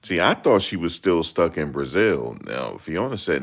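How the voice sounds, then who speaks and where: A man with a very deep voice, giving casual, joking reaction commentary on a livestream. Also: very animated, normal speed, creaky. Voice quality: very deep voice that people ask him to repeat. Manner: joking, laid-back, slips into mocking voices.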